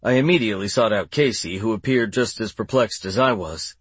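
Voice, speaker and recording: A man reads a first-person novel aloud with a steady, measured delivery. His voice sits on the low side and has a husky edge. The sound is dry and close, with no room around it. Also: no echo. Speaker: audiobook narrator.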